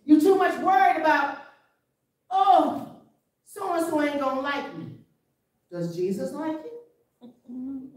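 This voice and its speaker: Animated woman preaching in an echoey hall. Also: high-pitched, far from the mic. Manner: conversational preaching with rhetorical questions. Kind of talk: sermon. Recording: very echoey room, voice from afar.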